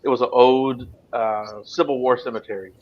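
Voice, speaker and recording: Texan host on a dull lo-fi mic. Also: male voice, medium pitch, steady tone, normal speed. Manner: loose, filler-heavy storytelling. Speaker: podcast host. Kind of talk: casual interview. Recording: dull lo-fi sound, faint hum.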